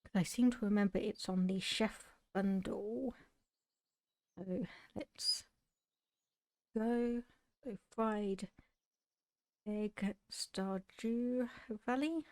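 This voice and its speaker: Measured British woman streamer. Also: medium pitch, no room sound. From United Kingdom. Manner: measured, explanatory. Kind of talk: casual game commentary.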